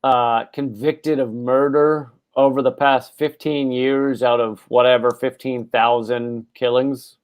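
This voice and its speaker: A man's voice: medium pitch, level tone, takes it slowly, few pauses, clear, resonant tone, muffled recording. A man hosting a casual podcast chat, making wry, sarcastic asides. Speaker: host.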